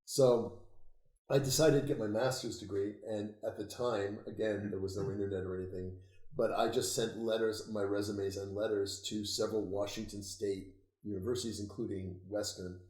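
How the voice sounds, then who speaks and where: An older man being interviewed about his life, telling stories in a lively way, laughing and swearing freely. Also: fairly low pitch, normal speed. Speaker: interview guest, occultist author. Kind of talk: casual storytelling conversation. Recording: roomy echo.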